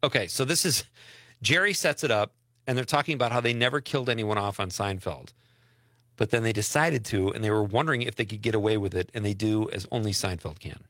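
A man's voice: on the low side, fast talker, a bit bright, no echo, studio quality. A man hosting a casual radio talk show, reading listener messages and chatting with his co-host.

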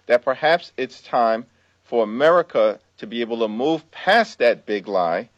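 A man speaking as a politician giving a formal press statement, measured and deliberate. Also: medium pitch, very animated, no echo. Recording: dull, dry played-in clip.

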